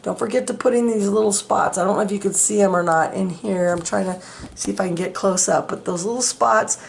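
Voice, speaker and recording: A woman's voice: medium pitch, a little fast, gravelly, slight background noise. A middle-aged woman hosting a casual real-time drawing tutorial from a home studio, chatty and self-deprecating as she talks while she works. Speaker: art tutorial host.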